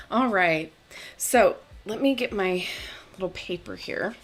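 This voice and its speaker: A woman's voice: mid-range voice, lively intonation, drawn-out words, soft background music. Bubbly chatty woman hosting a live stream. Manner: chatty, bubbly, laughs often, many fillers. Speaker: tarot channel host. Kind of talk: casual live-stream chat.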